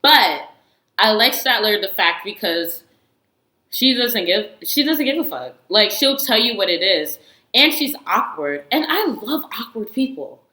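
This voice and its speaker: A woman chatting to camera with a bright, forceful voice. She speaks in loose, slangy, outspoken bursts and laughs often. The sound is roomy and echoing. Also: mid-range voice, unhurried. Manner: slangy, animated storytelling with frequent laughs; candid and outspoken, often swears. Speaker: reality TV reviewer. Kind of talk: casual chat.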